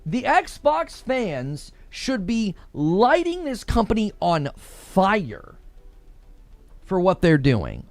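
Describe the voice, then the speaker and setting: A man's voice: sits high, no echo. A man hosting a gaming commentary livestream, ranting in an indignant, combative way. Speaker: livestream host.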